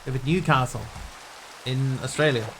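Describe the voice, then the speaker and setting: A man streaming a building game, talking through what he does and answering questions from viewers in a relaxed, casual way. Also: mid-range voice, moderate pace, slight background noise. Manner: thinks aloud while building, answering viewers' chat.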